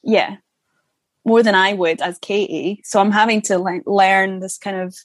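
A woman's voice: medium pitch, steady tone, unhurried, no room sound. Chatty scottish woman, young, dry sound. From Scotland. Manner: chatty, swears freely, laughs often. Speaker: actor guest. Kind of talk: casual chat.

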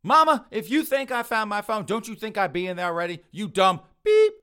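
A man voicing a petulant grown son who shouts accusations at his mother, pitched high and loud. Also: wildly swooping pitch, quick pace, exaggerated voice. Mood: whiny, accusing. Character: whiny, hot-tempered grown son, male adult.

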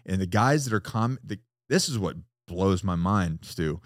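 A man guest on a casual podcast, profane and animated, often acting out what others said. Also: deep voice, measured pace, no room sound, clean studio sound. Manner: profane, animated, acts out quotes. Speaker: guest, former Marine.

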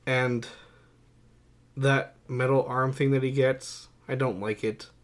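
A young man co-hosting a casual movie podcast, his pitch right in the middle. He mocks the films freely, and his voice climbs and gets loud when a scene irritates him. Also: slow. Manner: mocking, gets loud and animated when ranting. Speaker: podcast co-host.

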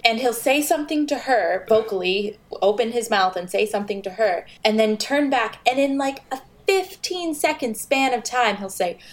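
A woman co-hosting a casual podcast chat about a game, talking in an animated way and laughing as she mocks it. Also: fairly high pitch, normal speed, hardly any pauses. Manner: animated, laughing, mocking critique. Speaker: podcast co-host.

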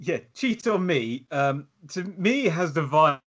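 A man's voice: a little high, animated, slow, fairly bright tone. A man co-hosting a podcast, chatting casually about an album with wry humour. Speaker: podcast co-host. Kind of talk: casual chat about music.

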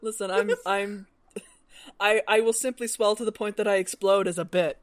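A woman's voice: mid-range voice, fairly even intonation, normal speed, no echo. A young woman co-hosting a podcast, chatting casually about a book and rambling with lots of ums and likes. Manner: rambling, many fillers. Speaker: podcast co-host. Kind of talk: casual book-club chat.

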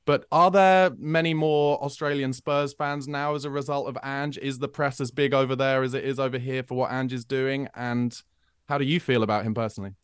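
A man's voice: medium pitch, steady tone, brisk, clear, resonant tone, no room sound, studio quality. A man hosting a podcast, asking questions and agreeing thoughtfully. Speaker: podcast host. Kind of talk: casual interview chat.

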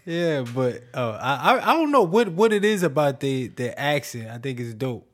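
A man hosting a podcast in casual chat, hesitant and pausing to find his words. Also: mid-range voice, sing-song. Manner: hesitant, restarts a lot. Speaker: podcast host.

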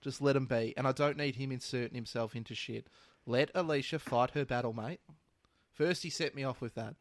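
A man's voice: medium pitch, fairly quick, no room sound. Blunt Australian man chatting casually. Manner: blunt, joking, swears casually. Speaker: podcast co-host. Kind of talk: casual chat.

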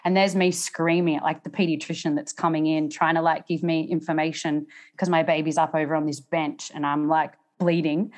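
A woman's voice: fairly low pitch, fairly quick. An Australian woman, a podcast guest, candidly telling her story and acting out what others said. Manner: animated, acts out quotes in raised voice.

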